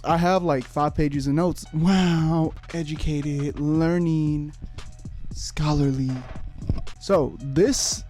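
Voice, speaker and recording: Rambling, joking man with a higher voice. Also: darkish tone. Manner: joking, rambling, profane, filler-heavy. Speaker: YouTuber. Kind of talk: casual video essay.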